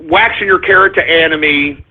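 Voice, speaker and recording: A man's voice: on the high side, fairly even intonation, moderate pace. A man hosting a talk radio show, ranting in an abrasive, confrontational way. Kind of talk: call-in radio rant. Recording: tinny phone-like lo-fi audio.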